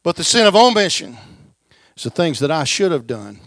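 Animated folksy male preacher. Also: a little high, moderate pace, dry recording. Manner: folksy, emphatic, swings between loud stresses and quiet asides. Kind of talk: lively sermon.

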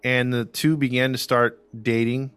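A man's voice: medium pitch, level tone, normal speed, a bit bright, clean tone, no room sound. A man hosting a podcast, telling a true-crime story casually with many fillers and acted-out quotes. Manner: rambling, lots of fillers, acts out quotes. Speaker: podcast host.

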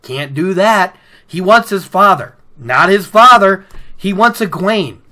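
A woman's voice: mid-range voice, expressive, a little slow, sharp tone. A woman casually retelling and picking apart a book chapter, chatty, with many stammered restarts. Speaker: book discussion host.

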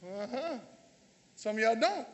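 With an unhurried pace and lively intonation, a pastor speaks in a very high voice and a Southern US accent. His sermon in the church sanctuary has him calling out to and teasing the congregation, captured on a handheld or stage mic.

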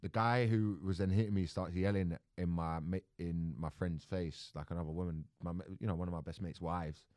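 A young man talks casually on a podcast. He acts out every voice in his stories and swears freely. His voice sits a bit low, and the recording is close and dry. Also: steady tone, brisk, darkish tone, no room sound. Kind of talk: casual chat.

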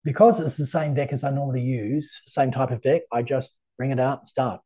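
A middle-aged tarot reader, guesting on an interview, talks quickly in a warm, husky, medium-pitched voice. The conversation is casual, and he tells anecdotes in a chatty way with lots of fillers.

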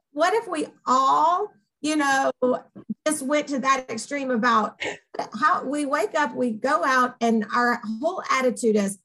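A woman's voice: fairly high pitch, low-quality recording. Upbeat Southern woman co-host. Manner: animated, upbeat, rambling storyteller. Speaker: podcast co-host, organization co-founder. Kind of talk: casual chat.

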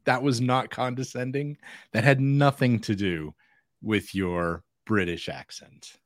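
A man's voice: mid-range voice, a little slow, dry recording, clean studio sound. A man co-hosting a security podcast in an easygoing, self-deprecating chat who laughs often. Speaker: podcast co-host. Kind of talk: casual chat.

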